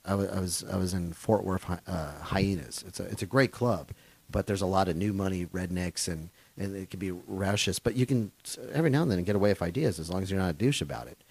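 Male stand-up, lowish pitch, profane and rambling, dry hotel-room interview. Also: fast, gravelly, darkish tone, slightly rough, dry recording. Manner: rambling, profane, lots of fillers and restarts. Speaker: touring comedian guest. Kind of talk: casual storytelling in an interview.

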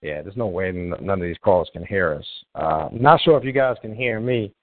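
A man with a fairly low voice hosts a live call-in show, talking loosely and circling back on himself. The sound is thin and phone-like, with a dry feel. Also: fairly quick, dry recording. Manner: rambling and loose, restarts often while troubleshooting callers. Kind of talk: casual live call-in chat.

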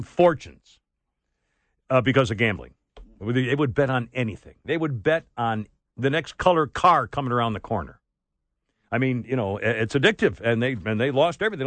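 Radio host guy, rambling lively chat, slightly high, dry studio mic. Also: no room sound. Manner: rambling, animated, restarts and asides. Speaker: radio talk show host. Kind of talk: casual talk radio monologue. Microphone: studio microphone.

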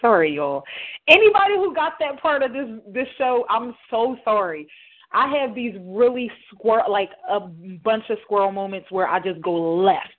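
A woman's voice: on the high side, normal speed. Playful young woman radio host. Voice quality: light, youthful, not raspy. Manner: playful, hyped, talks straight to listeners. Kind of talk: casual talk radio chat. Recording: tinny phone-like sound.

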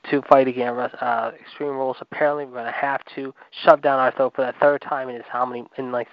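A man's voice: medium pitch, little pitch movement, fast talker, no echo. A man co-hosting a wrestling podcast, ranting heatedly and rambling with repeated filler words. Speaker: podcast co-host. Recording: dull lo-fi dry sound.

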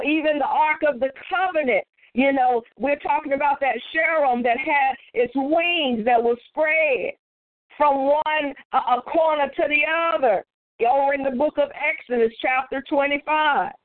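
A woman's voice: high-pitched, dry recording. A woman pastor leading a morning Bible study, preaching in a folksy way, citing scripture references and repeating points for emphasis. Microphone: phone conference line. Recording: phone-line broadcast, dry.

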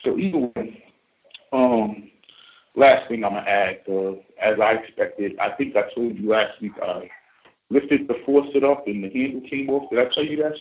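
A man's voice: fairly low pitch, moderate pace. A man calling in to a radio show, telling a story in a casual, rambling way, full of fillers and restarts. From United States. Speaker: caller. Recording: phone line.

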